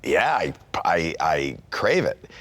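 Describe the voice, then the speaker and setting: Deep-voiced man telling a story. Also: slow, dry recording. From Canada. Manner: animated, acts out quotes with sudden jumps in pitch. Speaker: comedian guest. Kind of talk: storytelling interview.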